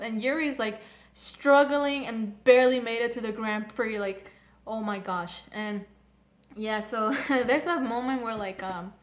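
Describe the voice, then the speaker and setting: A young woman with a fairly high voice chats casually about an anime episode. She gushes and gets excitable, peppering every sentence with fillers and restarts. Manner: gushing, filler-heavy, excitable. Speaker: anime reviewer. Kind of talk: casual chat.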